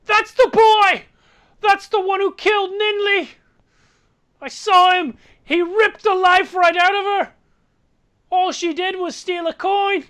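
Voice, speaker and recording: Guy doing a screechy angry innkeeper lady, yelling her head off, super high. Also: steady tone, takes it slowly, exaggerated voice. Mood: outraged. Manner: yelling shrill accusations. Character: furious shrieking female innkeeper, accusing.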